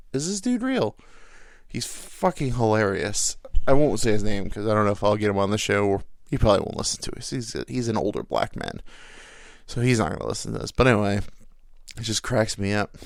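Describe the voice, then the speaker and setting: Man, low voice, smooth tone, dry close sound, rambling podcast monologue. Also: no echo. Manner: rambling and self-deprecating. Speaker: podcast host. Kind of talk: casual comedic monologue.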